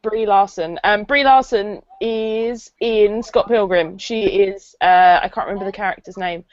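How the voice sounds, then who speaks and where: An eager woman co-host chats about comic news and laughs often. Her voice has a middle pitch. The line sounds dry and muffled. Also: no echo. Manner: enthusiastic, quick to laugh. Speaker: podcast co-host. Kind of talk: casual chat.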